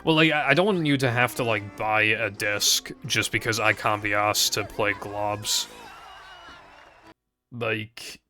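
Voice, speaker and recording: A man's voice: on the low side, fairly even intonation, a little slow, sharp tone, faint music behind. A young man chatting casually to his stream viewers, rambling and hesitant with frequent fillers and casual swearing.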